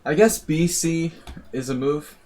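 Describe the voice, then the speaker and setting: A man's voice: a little high, measured pace, darkish tone. A man streaming blitz chess and chatting casually, wry and rambling, laughing at his own jokes. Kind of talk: casual live-stream chat.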